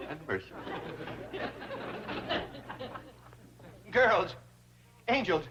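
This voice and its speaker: An actor playing a pompous, fawning older bank president who grovels in flowery speech in a 1960s sitcom. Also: male voice, high voice, fairly bright tone, breathy edge, full character voice. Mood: groveling. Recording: dull old TV soundtrack with hiss.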